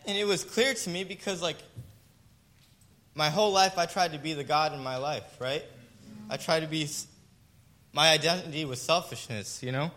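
A man shares an earnest, emotional testimony in a bright, forward voice. His pitch sits a little high for a man. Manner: emotional, earnest, tag questions. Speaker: guest giving testimony. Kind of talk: personal testimony.

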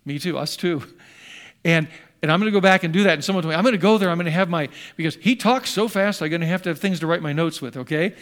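Older pastor preaching earnestly. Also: male voice, a little high, fast. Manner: earnest, storytelling, shifts between hushed and emphatic. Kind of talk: sermon.

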